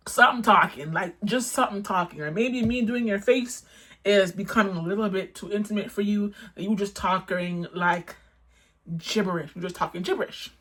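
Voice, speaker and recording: A woman telling a casual storytime, animated, with many 'like's and quick jumps up in pitch. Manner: animated, swings high when quoting herself, lots of 'like'.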